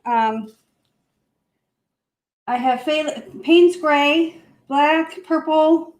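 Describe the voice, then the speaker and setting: High-voiced chatty woman painting live. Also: drawn-out words, poor audio. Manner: chatty, laughs often, self-teasing. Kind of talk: casual live-stream demo chat.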